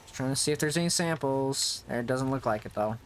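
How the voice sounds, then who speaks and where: A man live-streaming a video game, chatting casually as he plays. He rambles and often stops mid-sentence to correct himself. His voice sits at an ordinary middle pitch. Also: brisk, slight background noise. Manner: rambling, restarts mid-thought, self-correcting. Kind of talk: casual gameplay commentary.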